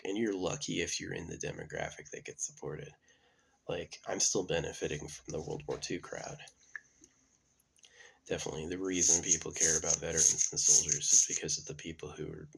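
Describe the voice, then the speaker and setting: A man's voice: very deep voice, creaky, fairly bright tone, husky. A man talking in a casual, meandering monologue with many fillers and restarts. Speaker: channel host.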